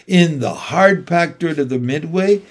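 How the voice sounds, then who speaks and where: A man's voice: on the high side, measured pace, natural voice. A man reading aloud and voicing an old sheep who persuasively lists treats at length. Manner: listing things at length, persuasive.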